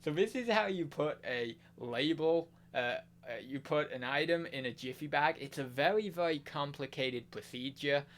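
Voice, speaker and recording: A man's voice: on the high side, fairly bright tone, natural voice. A man doing a put-on American accent, playing a mock-serious man explaining step by step how to pack a parcel. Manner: slow, over-explaining, mock tutorial tone.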